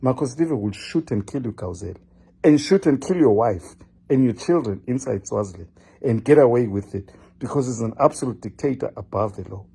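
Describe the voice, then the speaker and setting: An older man lectures and scolds in an impassioned political monologue. His voice is gravelly and husky, with a dark, mellow tone, and his pitch swings widely as he presses his points. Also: expressive, fairly quick. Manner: scolding, lecturing, repeats a name for emphasis. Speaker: political commentator. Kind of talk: impassioned direct-address monologue.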